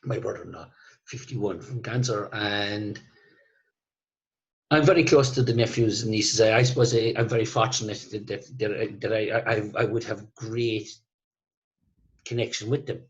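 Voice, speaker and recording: A man's voice: lowish voice, fairly even intonation, normal speed, highs cut off. A man hosting a casual conversation, telling rambling stories with frequent restarts and laughter. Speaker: host.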